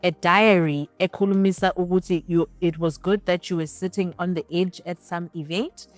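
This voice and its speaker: A woman interviewing a guest, asking measured questions in English and Zulu. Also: on the low side, fairly even intonation, dry recording, soft background music.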